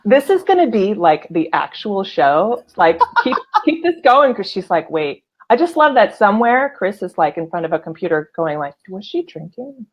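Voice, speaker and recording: A woman hosting a live online show, chatting casually, laughing often and giving warm shout-outs to viewers. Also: medium pitch, sing-song, moderate pace, few pauses, muffled recording. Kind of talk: casual live-stream chat.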